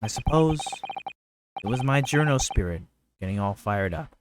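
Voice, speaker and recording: A man's voice: mid-range voice, expressive, normal speed, background noise, lightly acted. A man reading as an indignant killer journalist. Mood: brooding. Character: bitter vengeful male journalist who turned killer. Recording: background game music.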